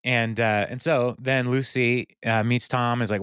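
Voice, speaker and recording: A man's voice: mid-range voice, little pitch movement, normal speed, hardly any pauses, a bit bright, smooth, dry recording, studio quality. A man co-hosting a podcast, casually recapping an episode and animatedly acting out the characters' lines. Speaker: podcast co-host.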